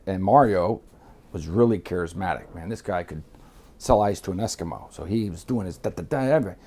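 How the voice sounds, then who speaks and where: A man's voice: low voice, brisk, mellow. A man from Miami, telling a long story as an interview guest, swearing freely and acting out what others said. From Miami, United States. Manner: profane, rambling, acts out quotes. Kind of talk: casual storytelling.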